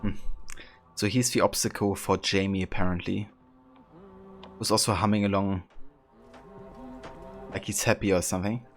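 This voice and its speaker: Low-voiced man streaming a game. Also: fairly even intonation, normal speed, long pauses, faint music behind. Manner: dry, musing, reads in-game text aloud. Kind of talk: casual let's-play commentary, reading clues aloud.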